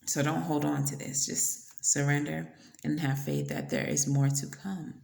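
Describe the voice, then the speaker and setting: Gravelly low-voiced woman reading tarot. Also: very animated, unhurried, darkish tone, reverberant. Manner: blunt, playful, swears casually. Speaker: tarot reader.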